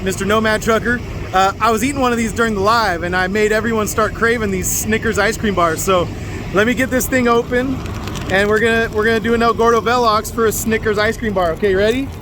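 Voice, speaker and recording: A middle-aged trucker with a high-pitched voice talks casually from his cab, rambling along and tossing in "man" and "bro". The hum of the truck and the road sits clearly behind him. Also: fairly even intonation, quick pace. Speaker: truck driver vlogger. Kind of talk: casual video diary. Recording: vehicle noise behind the voice.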